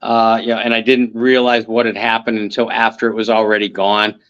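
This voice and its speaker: A man in a casual sports chat as co-host, with a low, smooth voice. He talks haltingly and stumbles over the first words of his sentences. He is heard through a phone on speaker, so the sound is dull and muffled. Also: level tone, fairly bright tone. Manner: halting, repeats words when starting. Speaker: podcast co-host.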